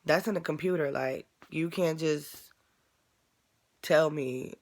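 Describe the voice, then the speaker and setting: A woman's voice: sits low, slow pace. A woman vlogger telling a painful personal story in a casual, candid, profane way.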